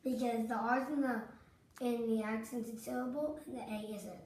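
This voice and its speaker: A female student slowly and hesitantly sounding out words in a reading lesson. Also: on the high side, steady tone, a little mellow. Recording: very echoey room, faint noise.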